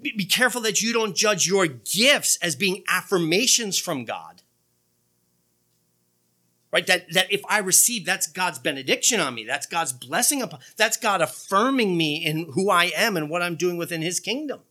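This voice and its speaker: Guy preaching a sermon, kinda high voice, really animated, lots of sarcasm and chatting back at the congregation. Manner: animated, sarcastic emphasis, quick asides to the congregation. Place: church.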